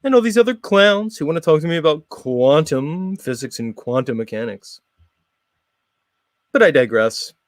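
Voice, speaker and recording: Sarcastic man host, mock-polite, slightly high voice, very dry recording. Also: lively intonation, normal speed, no room sound. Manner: mock-formal and sarcastic, swings between loud and muttered. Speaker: show host. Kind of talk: sarcastic monologue reacting to a clip.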